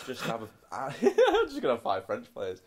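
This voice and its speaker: A man's voice: medium pitch, huge pitch swings, normal speed. Bantering young man. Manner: laughing, bantering, slangy. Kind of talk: casual chat.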